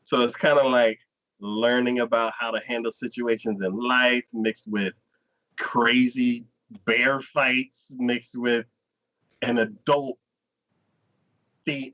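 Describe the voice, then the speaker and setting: A man co-hosting a podcast, chatting casually and acting out anime scenes in lively, excited retellings full of "like.". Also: mid-range voice. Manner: animated storyteller acting out scenes, frequent "like". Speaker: podcast co-host. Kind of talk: casual anime review chat. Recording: dull lo-fi podcast audio.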